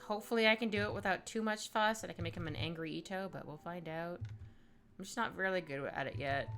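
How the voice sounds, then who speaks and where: A woman's voice: fairly low pitch, fast, fairly bright tone, faint music behind. A woman chatting casually on a live stream while she draws, reading chat aloud, laughing often and trailing off mid-thought.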